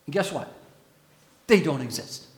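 A man's voice: on the high side, lively intonation, measured pace. A man preaching a sermon as pastor, emphatic, putting questions to the congregation.

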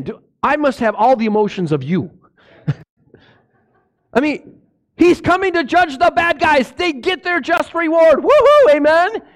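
Animated man preaching with wide pitch swings. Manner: animated, swings from low and hushed to loud exclamations; asks the congregation questions. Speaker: pastor. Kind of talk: sermon.

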